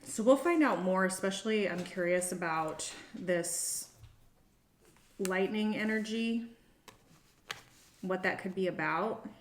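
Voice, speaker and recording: A woman's voice: medium pitch, slow pace, pauses often, slight background noise. A middle-aged woman talks through a tarot spread in a loose, chatty way, musing aloud as she goes. The room around her gives her voice a noticeable echo. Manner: chatty and meandering, thinking aloud. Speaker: tarot reader. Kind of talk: casual tarot reading to camera. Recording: roomy echo.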